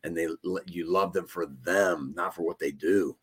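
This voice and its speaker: A podcast host with a low, husky voice talks at a moderate pace. In casual conversation he tells earnest stories about his kids and youth sports.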